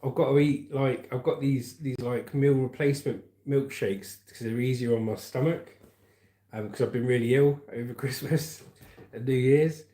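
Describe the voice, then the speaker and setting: A man's voice: medium pitch, fairly even intonation, moderate pace, dark tone, echoey room. A man with a southern English accent hosting a casual livestream, reading viewer comments aloud and chatting back with a friendly, laid-back manner. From England. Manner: chatty, calls viewers mate, laughs at comments. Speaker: livestream news host.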